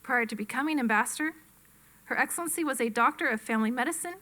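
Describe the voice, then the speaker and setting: A woman's voice: fairly high pitch, quick pace, pushed and bright. A woman hosting an event, reading a formal introduction of the speakers from a script and stumbling on a few words.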